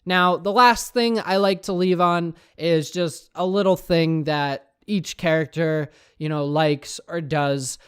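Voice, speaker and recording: A man's voice: a little high, steady tone, slow, few pauses, smooth. A man narrating video game lore in a casual tone, dropping wry asides.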